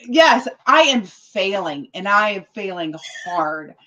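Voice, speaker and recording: A woman guest telling a story in a casual interview, animated and quoting others as she goes. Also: mid-range voice, slow, dull audio, crowd noise. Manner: animated, quotes other people in their voices. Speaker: political guest.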